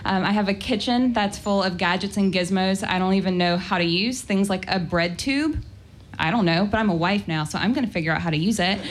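A woman's voice: mid-range voice, fairly quick. A young adult woman telling a first-person story in a candid, wry way, with frequent ums and likes.

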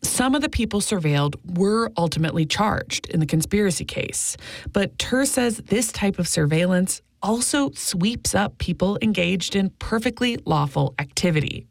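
A woman correspondent delivering a scripted radio news report in a measured, even way. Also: mid-range voice, creaky, no room sound.

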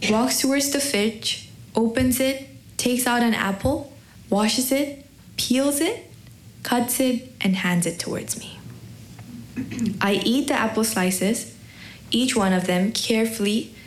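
A teenage girl telling a personal story on stage in a slow, reflective, heartfelt way. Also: a little high. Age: teens. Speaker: student storyteller.

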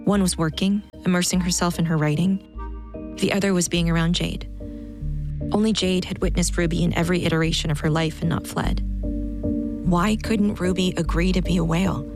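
A woman narrates a story in a calm, measured audiobook style. Her voice sits low with a gravelly, creaky edge. Faint music plays softly behind her.

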